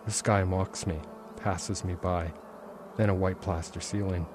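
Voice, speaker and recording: A man, the author, reading aloud from his own novel in a measured, intense first-person narration. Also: sits low, steady tone, noisy background. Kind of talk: literary reading.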